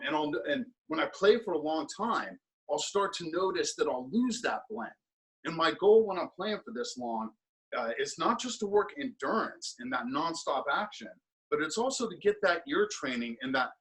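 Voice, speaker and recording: A man teaching percussion in an instructional clinic, counting beats aloud and explaining practice habits in a relaxed, thinking-aloud way full of fillers. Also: a little high, rough recording. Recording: steady ticking and tapping noise under the voice.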